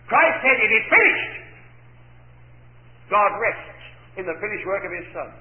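Emphatic preacher, echoey lo-fi recording. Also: male voice, high voice, big pitch swings, measured pace, long pauses. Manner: emphatic, rhetorical questions answered himself. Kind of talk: sermon.

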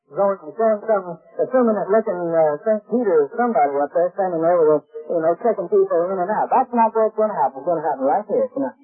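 A man's voice: sits high, slightly rough, narrow, tinny audio. A man preaching a sermon, emphatic and repetitive, reading scripture aloud. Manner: emphatic, repeats key words, reads scripture aloud.

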